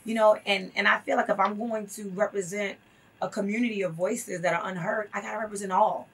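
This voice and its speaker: Husky-voiced woman telling a story earnestly. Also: medium pitch, fairly even intonation, brisk, a bit bright. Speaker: guest. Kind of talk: interview conversation. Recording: voice from a distance off the mic.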